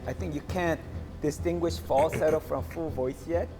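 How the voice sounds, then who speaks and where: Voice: medium pitch, fairly even intonation, moderate pace. A vocal coach giving direct feedback to a trainee, repeating phrases for emphasis. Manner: repeats phrases, demonstrates notes. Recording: music playing behind.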